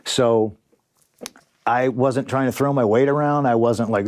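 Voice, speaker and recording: A man's voice: on the low side, steady tone, fairly quick, a little mellow, no room sound, studio quality. A man in a candid interview, recounting events in a rambling, profane way, often restarting and quoting others. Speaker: interview guest, wrestler.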